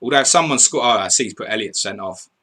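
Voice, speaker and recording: Man, stream host, casual excitable chatter, bright edgy tone. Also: fairly low pitch, fast, husky. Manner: chatty, excitable, reads chat and score updates aloud. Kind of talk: casual live commentary and chat.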